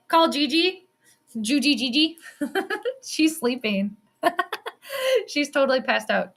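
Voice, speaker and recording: Bright, excitable woman calling a game. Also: sits high, takes it slowly, pauses often. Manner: excitable, chatty, swears freely, laughs often. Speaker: sports commentator and astrologer. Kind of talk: casual live play-by-play commentary. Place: at home in the evening.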